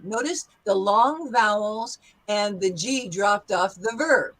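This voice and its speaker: A woman's voice: medium pitch, slow, hardly any pauses, fairly bright tone, no room sound, poor audio. A woman teaching accents in an online class, speaking over a video call, full of enthusiastic praise and carefully modeling pronunciation.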